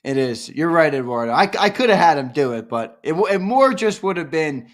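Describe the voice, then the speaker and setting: Excitable man hosting a live stream. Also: a little high, fairly quick. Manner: excitable, bursts into loud hollers. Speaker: host of a sports fan show. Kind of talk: casual live-stream chat.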